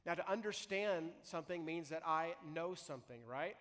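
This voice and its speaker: A man preaching a sermon as pastor, talking in a conversational way and slowing down to read scripture aloud. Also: on the high side, a bit bright, long reverb tail. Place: large church hall.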